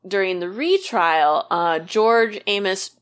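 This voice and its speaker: Speaking slowly in a mid-range, fairly bright voice, this podcast co-host relates a true crime ghost story. Her delivery is conversational and loose, heavy on fillers and "like."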